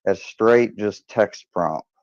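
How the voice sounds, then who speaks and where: Deep-voiced man telling rambling stories. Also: slow pace, a little mellow, dry recording. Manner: rambling, profane, laughs often. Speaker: channel host. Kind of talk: casual storytelling monologue. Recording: dull lo-fi dry recording.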